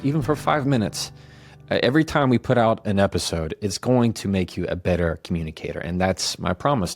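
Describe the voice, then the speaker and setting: A man's voice: low voice, creaky. A man hosting a podcast, giving advice in an emphatic coaching tone that rises and falls. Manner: emphatic, coaching tone with lively ups and downs. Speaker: podcast host. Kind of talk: conversational advice talk.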